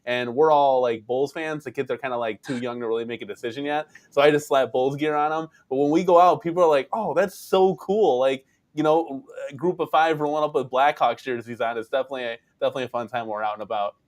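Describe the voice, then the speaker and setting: An easygoing man chatting on a livestream in an average-pitched voice. He laughs along with the others and tells his stories in a relaxed, unhurried way. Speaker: guest on a livestream chat. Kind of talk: casual chat.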